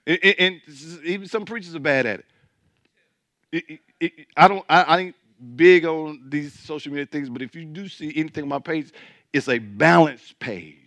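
Male pastor, high bright voice, colloquial joking sermon, dry close sound. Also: moderate pace, no echo. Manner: colloquial, joking preaching to a congregation.

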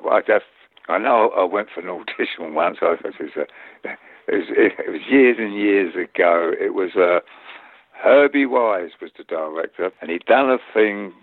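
A man's voice: lowish voice, dry recording. Older east london guy rambling through stories, chuckly, dry close sound, tinny line. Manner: rambling storyteller, animated, chuckles often. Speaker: guest. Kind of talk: anecdotal interview chat.

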